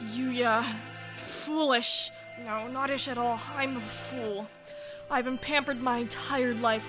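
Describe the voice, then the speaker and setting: A woman's voice: fairly high pitch, lightly acted. A woman voicing a brooding aristocrat pigeon. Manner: slow, brooding and self-reproaching. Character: proud remorseful young aristocrat pigeon. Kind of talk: dramatic visual novel reading.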